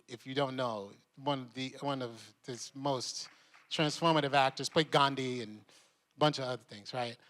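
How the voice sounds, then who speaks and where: A man telling stories at a convention panel, lively and laughing, acting out the voices of the people he quotes. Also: mid-range voice. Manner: animated, laughing, acts out voices. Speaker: convention panel guest, actor. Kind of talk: animated storytelling at a convention panel. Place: convention hall. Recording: long hall reverb.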